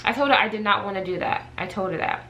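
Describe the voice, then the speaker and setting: Bright-voiced woman vlogger telling a story. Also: medium pitch, fast, slight background noise, low-quality recording. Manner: chatty, animated storytelling, speaks directly to viewers. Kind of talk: casual storytime chat to camera.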